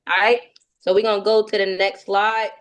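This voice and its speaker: A woman leading a sales training session, coaching in a lively way and checking in with her listeners again and again. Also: medium pitch, moderate pace.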